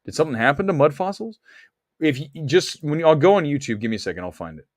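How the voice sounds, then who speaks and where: A man hosting a movie talk livestream, rambling excitably while he stalls and searches on his computer. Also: fairly high pitch, quick pace, no room sound, clean studio sound. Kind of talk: casual livestream chat.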